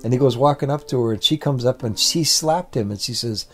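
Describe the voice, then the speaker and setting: A man with a mid-range voice speaks a little fast as he tells a family story aloud, with faint music behind him. His oral storytelling is plain and repetitive, built from repeating, building phrases.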